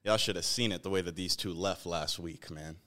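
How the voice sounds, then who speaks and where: A man's voice: low-pitched, a little fast, very noisy. A young man co-hosting a podcast, teasing and exaggerating his stories in casual chat. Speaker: podcast co-host.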